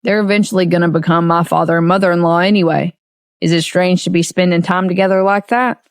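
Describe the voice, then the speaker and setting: A woman's voice: fairly low pitch, fairly even intonation, fast talker, dry recording, clean studio sound, lightly acted. A woman doing a nonchalant young man. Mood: casual. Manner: nonchalant, matter-of-fact. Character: young man, casual unbothered brother.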